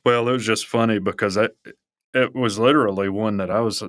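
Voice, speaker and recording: A man's voice: on the low side, steady tone, brisk, a bit bright, dry recording, clean studio sound. A man with a Southern Alabama accent, co-hosting a casual podcast and telling rambling stories with chuckles. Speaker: podcast co-host, professor. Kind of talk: casual storytelling.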